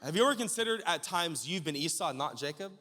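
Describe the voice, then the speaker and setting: Lively, bright-voiced preaching man in a hall. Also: a little high. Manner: animated preaching with rapid rhetorical questions; builds to shouting at climaxes. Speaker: pastor. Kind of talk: sermon. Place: church sanctuary. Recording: long church-hall reverb.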